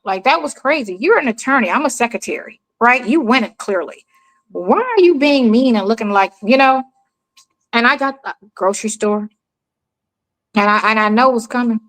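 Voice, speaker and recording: This mother, a middle-aged woman from the US, is an animated storyteller in casual conversation, giving each quoted person their own performance. She speaks at a moderate pace with a fairly high pitch, captured on a low-quality recording.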